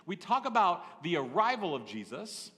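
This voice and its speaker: A man's voice: high voice, sing-song, moderate pace, pushed and bright. A male pastor preaching a sermon in a church, telling a story in a chatty, conversational way and turning to the congregation with asides. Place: church sanctuary. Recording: echoey church hall.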